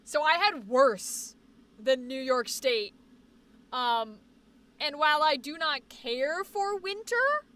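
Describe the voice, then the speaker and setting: A young woman from New England, with a faint Boston accent, hosting a casual livestream chat about where she likes to live. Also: sits high. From New England (born in Boston, raised on the New Hampshire border). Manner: chatty and animated, fast bursts, trails off into fillers. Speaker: livestream host. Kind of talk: casual chat reading viewer comments.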